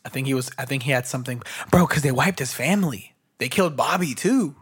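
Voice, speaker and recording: A man's voice: medium pitch, fast, breathy edge. Young guy cohosting a podcast, rambly and slangy, swears a lot, plain mid voice. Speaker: podcast co-host. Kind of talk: casual chat.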